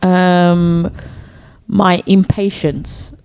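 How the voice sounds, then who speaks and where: A woman's voice: on the low side, level tone, very slow, creaky, a little mellow, smooth. Candid, laughing podcast co-host woman. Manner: candid and self-deprecating, laughs often, hesitant fillers. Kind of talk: casual chat.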